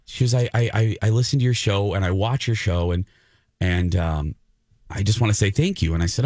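Male talk host, low and lively, animated storyteller, dry studio. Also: moderate pace, no room sound. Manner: animated storyteller, voices others in his anecdotes. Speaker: radio show host. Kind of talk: casual talk radio storytelling.

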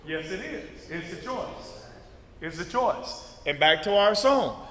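A man preaching a sermon with call-and-response, repeating his lines for the congregation and rising to emphatic shouts. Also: on the high side, expressive, a little slow. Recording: echoey hall, mic far off, audience.

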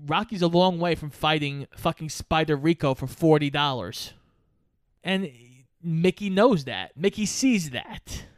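Male co-host, casual podcast chat, animated storyteller, acts out quotes, sweary, smooth clear voice, dry close sound. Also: a little high, measured pace, no room sound.

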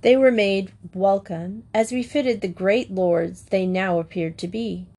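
A woman reads a classic fairy tale aloud with a calm, measured storytelling delivery. Her voice sits at an ordinary middle pitch, and she lets the phrasing carry the story with gentle expression. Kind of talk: storybook reading of fairy tales.

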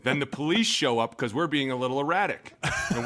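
A man co-hosting a casual football podcast, an animated storyteller who gets loud when acting out quotes. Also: medium pitch, fast. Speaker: podcast co-host, former NFL lineman. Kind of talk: casual sports chat. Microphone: home setup in front of drums.

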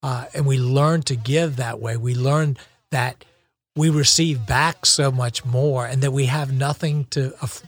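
A man's voice: mid-range voice, steady tone, a little slow. A man co-hosting a podcast in casual chat, reflective and encouraging, often restarting his phrases. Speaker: podcast co-host.

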